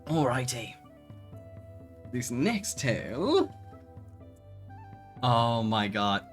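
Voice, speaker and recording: Lively streamer voice, mid pitch, big swoops in tone, frequent laughter, casual swearing, soft music underneath. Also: very slow. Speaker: VTuber streamer. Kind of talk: casual live-stream chat reading posts aloud.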